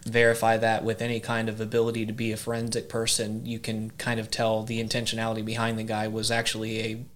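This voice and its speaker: A man talking through ideas about faith in an even, level voice that barely rises or falls. He speaks at a measured pace, stops to hunt for the right word and often restarts a sentence. It sounds like a relaxed conversation between two people. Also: lowish voice. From southern Ohio. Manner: measured, searching for words, restarts.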